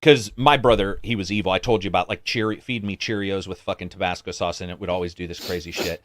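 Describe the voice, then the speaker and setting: A man co-hosting a casual podcast, telling stories in an animated, profane way. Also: sits low, fast talker, slight background noise. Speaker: podcast co-host. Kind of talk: casual chat.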